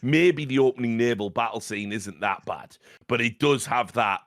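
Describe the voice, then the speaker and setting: A man co-hosting a casual film chat podcast, giving measured, opinionated takes and often repeating his opening words. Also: mid-range voice, fairly bright tone, dry recording, clean studio sound. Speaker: podcast co-host.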